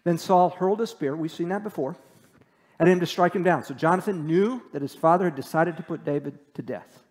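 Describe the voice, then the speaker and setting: A man preaches in a casual, talkative way. He reads scripture, then breaks it down in plain words. His voice sits slightly high, and long reverb rings through the room. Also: brisk, a little mellow. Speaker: pastor. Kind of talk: sermon, Bible teaching.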